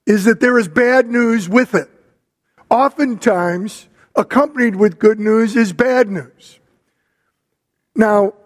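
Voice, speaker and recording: A middle-aged man giving a sermon with a measured storytelling manner, pausing between phrases. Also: high-pitched. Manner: measured, storytelling preacher with pauses. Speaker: pastor. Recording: long reverb of a hall.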